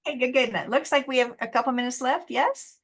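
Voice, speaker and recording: A middle-aged woman giving a motivational webinar talk, acting out quotes in an animated way. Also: high-pitched, fast talker. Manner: lively, animated, acts out quotes. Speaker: presenter.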